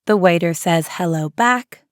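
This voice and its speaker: A woman's voice: fairly low pitch, measured pace, no echo. Upbeat woman teaching in a dry studio. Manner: upbeat, encouraging. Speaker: co-host of audio lessons. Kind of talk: scripted lesson narration.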